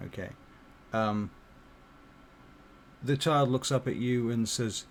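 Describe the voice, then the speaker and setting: A man narrating as game master in a halting way, with many fillers and restarts. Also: medium pitch.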